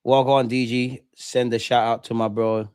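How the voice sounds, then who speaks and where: A young man, chatting with viewers and shouting them out during a live football watch-along. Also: medium pitch, flat delivery, normal speed, smooth, no room sound, studio quality. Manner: chatty slang-heavy banter, shouting out viewers. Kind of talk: live reaction chat.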